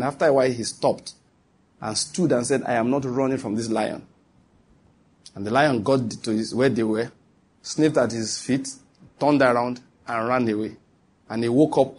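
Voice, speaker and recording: A male preacher with a husky, breathy voice at a middle pitch delivers a sermon. He presses his points through repetition and keeps asking his listeners whether they follow. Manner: emphatic and repetitive, with asides to the listeners. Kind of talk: sermon to a congregation.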